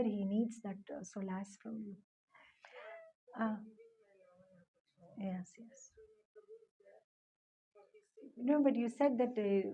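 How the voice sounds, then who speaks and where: A woman's voice: on the high side, mellow, husky, lo-fi sound. A middle-aged woman giving a conversational devotional talk, full of fillers, answering a question. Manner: conversational, many fillers, tells a story. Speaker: spiritual teacher.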